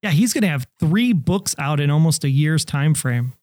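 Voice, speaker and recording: A man's voice: a little high, expressive, normal speed, darkish tone, dry recording, clean studio sound. A man co-hosting a podcast in casual chat. He is talkative and laughs easily. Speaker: podcast co-host.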